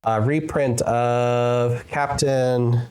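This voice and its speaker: A woman's voice: extremely low pitch, steady tone, extremely slow, darkish tone. A woman streamer chatting casually with her live viewers while gaming, playful and giggly, fond of teasing repetitions.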